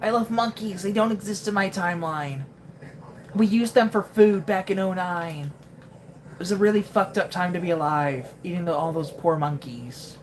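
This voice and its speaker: A woman's voice: lowish voice, normal speed, a little hiss or hum, lightly acted. A woman doing a stoned future hedgehog. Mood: mellow. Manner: drawling, lazy slacker talk. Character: laid-back stoner male hedgehog from a ruined future.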